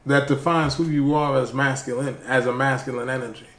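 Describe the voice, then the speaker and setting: A man's voice: mid-range voice, fairly even intonation, brisk, fairly bright tone, roomy sound. A man hosting a casual podcast chat, talking frankly and earnestly and swearing casually.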